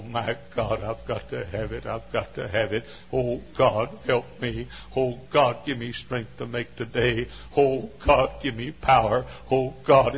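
A male pastor preaching a sermon from a church pulpit, repeating phrases and swinging from hushed tones to shouting. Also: mid-range voice, slight background noise. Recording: dull lo-fi sermon recording.

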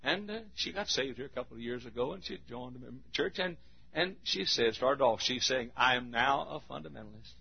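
Pastor, male, husky raspy voice, fervent sermon delivery with big swings in loudness. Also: mid-range voice, a little fast, muffled recording. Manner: swings from shouting and singing to hushed, intimate talk.

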